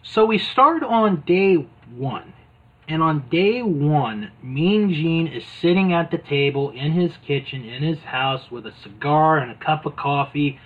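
Sounding tinny as if over a phone, a man walks through an old wrestling videotape scene by scene in a casual chat. His fairly high voice is animated, his pace a little slow, and he rambles with fillers, clearly amused.

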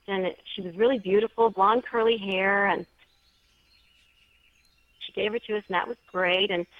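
A woman's voice: mid-range voice, no room sound. A woman guest on an interview show, telling a personal story in a chatty way with small restarts. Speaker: guest, paranormal story writer. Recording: dry, slightly dull lo-fi sound.

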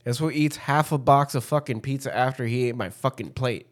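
A man's voice: mid-range voice, fairly quick. Profane young man telling a story. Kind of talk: casual storytelling chat.

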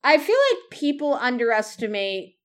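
A woman's voice: on the high side, moderate pace. A woman co-hosting a casual podcast chat, rambling with restarts and frequent laughs. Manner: rambling, laughs often, many restarts and fillers. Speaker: podcast co-host.

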